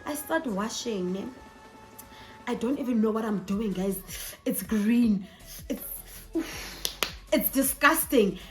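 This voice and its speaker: A young woman with a South African accent telling a personal story in a chatty, animated vlog, slipping in Sesotho phrases. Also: fairly high pitch, slow pace, pauses often. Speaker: vlogger. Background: faint background music.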